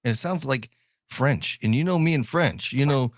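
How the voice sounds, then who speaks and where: A man's voice: medium pitch, normal speed, no room sound, clean studio sound. A man from Ohio co-hosting a podcast in casual chat, joking, laughing often and repeating his words. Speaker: podcast co-host.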